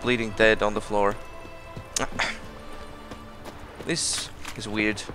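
A man hosting a let's play, giving casual commentary full of excited exclamations and rambling asides. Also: lowish voice, slow pace. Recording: commentary over loud game music. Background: game music.

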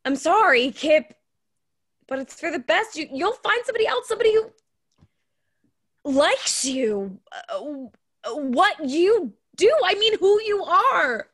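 A woman's voice: very high-pitched, very animated, takes it slowly, a bit bright, full character voice. A woman voicing a hesitant young wife who stumbles over her words, read over a video call. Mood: pleading. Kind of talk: Zoom play reading.

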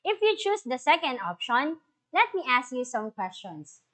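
A woman's voice: high voice, very animated, a bit bright. A woman teacher with a Filipino accent, giving an online lesson and reading a story aloud, asking pupils questions. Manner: slow, careful, questions to pupils.

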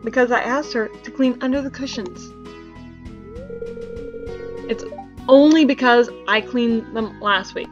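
A woman's voice: fairly high pitch, a little slow, pauses often, muffled recording, over music, lightly acted. A woman reading aloud the lines of an earnest, apologetic young woman villager in a farming game, in close to her own voice.

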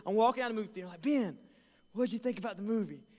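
A young man preaching as a pastor, telling a funny story and acting out voices with lively, self-deprecating energy. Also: high-pitched, rapid-fire, in a large hall. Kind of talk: storytelling sermon. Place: large church hall.

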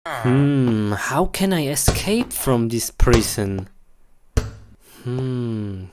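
A woman acting in a comedy skit, swinging from calm muttering to exaggerated outbursts, speaking in simple broken English. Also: a bass voice, extremely slow. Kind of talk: acted comedy skit with gameplay reactions. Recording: noisy recording with clicks.

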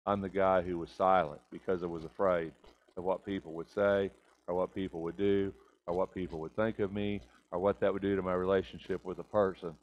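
Man, preacher, church sermon, loud bursts and hushed confessions, dull lo-fi sound. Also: level tone, brisk. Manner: swings from loud, high emphatic bursts to quiet low confessions. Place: church sanctuary.

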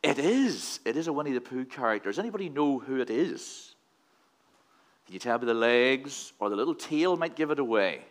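During a church service, a man leads a playful children's talk, quizzing the kids with questions. His mid-range voice has lively intonation, and he speaks at a moderate pace.

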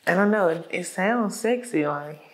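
A woman's voice: lowish voice, expressive, moderate pace, slight background noise, rough recording. A woman co-hosting a podcast, talking casually and thinking aloud as she explains her views. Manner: conversational, thinks aloud with fillers. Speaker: podcast co-host. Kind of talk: casual conversation. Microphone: lapel mic.

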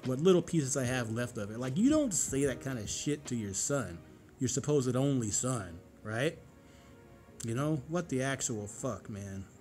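A man's voice: mid-range voice, animated, a little slow, a little mellow, faint music behind. A man in his forties vlogging in a casual, rambling monologue, cursing freely and getting heated. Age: 40s.

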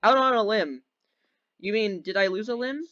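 A man's voice: high voice, normal speed, sharp tone, lo-fi sound, a little hiss or hum. A young man chatting through a game for his channel, rambling and joking at himself, with nervous yelps for help. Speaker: gaming YouTuber. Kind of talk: casual let's-play commentary. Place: home computer desk. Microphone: desk microphone. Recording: faint game music behind.

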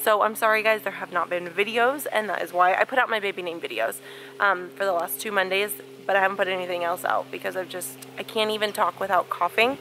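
A woman's voice: mid-range voice, fast, pushed and bright, rough recording. A young woman with a cold, chatting casually to her channel outdoors on a handheld camera. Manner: chatty and conversational. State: recovering from a cold, with a cough. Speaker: vlogger. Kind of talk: casual vlog chat. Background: faint outdoor ambience with wind.

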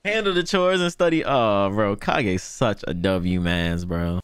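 A young man hosting a casual anime reaction, excitable and slangy, laughing often and breaking into delighted shouts. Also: on the low side, measured pace, clean tone, no echo, clean studio sound.

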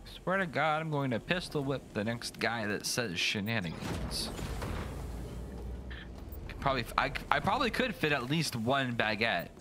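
A man streaming a video game, rambling and joking, now and then jumping into silly high voices. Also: very animated, normal speed. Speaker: gaming streamer. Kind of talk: casual let's play commentary. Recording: game music behind the voice.

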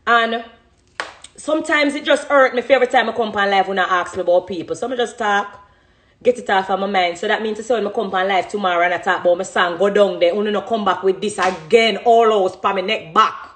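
A woman's voice: medium pitch, quick pace, slight background noise. A Jamaican woman in her thirties chatting casually on a phone live stream, reading out comments from viewers. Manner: chatty, reads out comments, animated.

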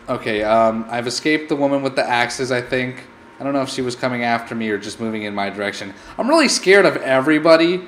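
A man's voice: mid-range voice, expressive, fairly quick, fairly bright tone, a little hiss or hum. A man hosting a let's play, narrating his gameplay with playful, mock-scared melodrama. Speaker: gaming channel host.

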